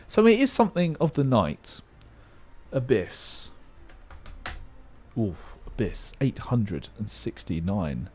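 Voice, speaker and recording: A young man hosts a live stream, calling each guess from chat like an excited commentator. His voice swoops up and down with a lot of life as he hypes the viewers on. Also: mid-range voice, slow, pauses often, breathy edge. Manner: hyped play-by-play, like a sports commentator. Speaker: livestreamer.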